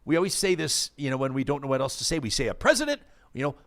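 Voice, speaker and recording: A man's voice: mid-range voice, sing-song, rapid-fire, fairly bright tone. A man hosting a casual political talk show, thinking aloud with many restarts and reading out viewer comments.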